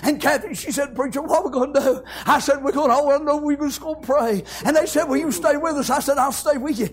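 A man's voice: extremely high pitch, fast. A middle-aged man, preaching a sermon and telling stories, punctuating his talk with "amen" and "thank God". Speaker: pastor. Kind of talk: sermon with storytelling.

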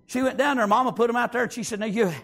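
A preacher, a man, delivering a fervent sermon. His voice sits very high for a man, with a gravelly rasp, and he keeps punctuating his lines with amens. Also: fairly even intonation, very fast, a bit bright.

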